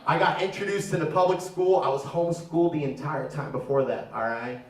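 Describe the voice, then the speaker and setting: Comic in his thirties, from Florida, high and brash, crude crowd work, roomy stage sound with a live crowd. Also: fairly quick. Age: 30s. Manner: brash, crude, swings to loud shouting. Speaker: stand-up comedian. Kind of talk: stand-up set with crowd work. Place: comedy theater stage before a live audience. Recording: roomy, far-off mic, crowd noise.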